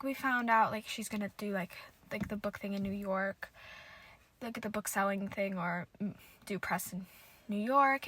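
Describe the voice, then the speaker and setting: A woman's voice: medium pitch, fairly bright tone. A young woman hosting a casual solo podcast, rambling through a recap with lots of "like" and restarts, sometimes dropping to a near whisper. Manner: rambling, heavy use of "like", frequent restarts. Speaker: podcast host.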